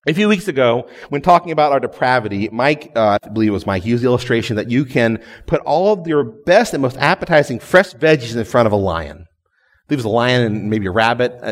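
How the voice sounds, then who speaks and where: A man preaching a sermon in a lively, up-and-down voice. His pitch sits in the middle of the range, and the delivery is conversational, with frequent "right?" check-ins. The sound carries the long reverb of a hall. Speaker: guest preacher.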